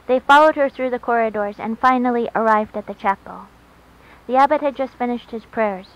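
A narrator reads a short story aloud in a calm, even storytelling manner, her voice a little high and fairly quick. The track sounds dull and lo-fi, with faint hiss underneath.

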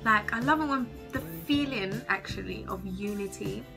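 A woman's voice: medium pitch, normal speed, gravelly, over music. A young woman chatting to camera from her bedroom, gushing and giggly with casual slang, a little nervous. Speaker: vlogger.

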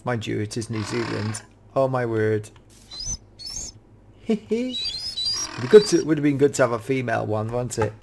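A British man giving casual, excitable gameplay commentary as a YouTube reviewer, often gasping and exclaiming in wonder. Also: mid-range voice, a little slow, creaky, pauses often, a little hiss or hum. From United Kingdom.

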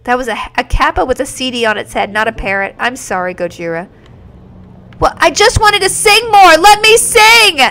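A woman streaming a video game live, reacting excitably with yelps and exclamations. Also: on the high side, a little fast. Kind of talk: live gameplay commentary. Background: faint game music.

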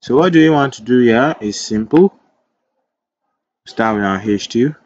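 A man's voice: medium pitch, expressive, a little slow, darkish tone, dry recording, lo-fi sound. A man teaching web development in a screen-recorded coding tutorial. He thinks aloud as he types, corrects himself, and drifts into chatty asides.

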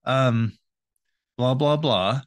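A man's voice: medium pitch, extremely slow, smooth. A young man co-hosting a podcast, retelling an episode in a loose, profane, laughing way. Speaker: podcast co-host. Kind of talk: casual recap chat.

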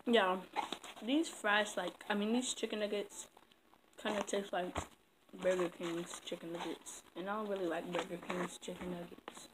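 A woman's voice: medium pitch, fairly even intonation, moderate pace. A woman chatting casually to her viewers while eating. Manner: chatty, loose, talks with her mouth full. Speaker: vlogger. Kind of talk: casual eating vlog chat. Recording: noisy background.

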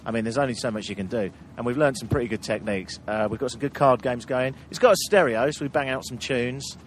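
A man in a mid-pitched voice swaps travel stories in a loose, chatty way. He laughs often and lets the anecdotes ramble, with faint background noise under him. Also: quick pace. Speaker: podcast host and traveller. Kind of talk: casual travel chat.

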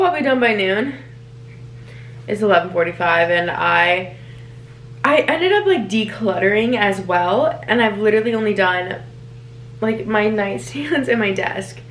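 A woman's voice: medium pitch, a bit bright, a little hiss or hum. A woman in her twenties chatting casually to the camera in a vlog, rambling and laughing often. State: out of breath. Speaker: lifestyle vlogger.

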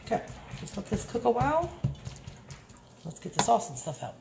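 A woman's voice: on the high side, sing-song, moderate pace, creaky, background noise. A woman with a Midwestern American accent chatting casually in a home vlog, a bit out of breath, talking to her pets and viewers. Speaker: vlogger. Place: home kitchen and yard.

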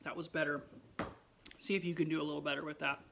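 Late at night at home, a tired young man vlogs in a somewhat high, gravelly voice at a quick pace, with background noise behind him. His casual chat is expressive, broken up by yawns and many sighs.

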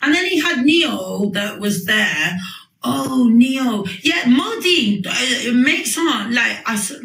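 A woman's voice: on the high side, expressive, slow, creaky, fairly bright tone, echoey room, rough recording. A woman in her forties rambling on a livestream, boastful, swearing and erratic. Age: 40s.

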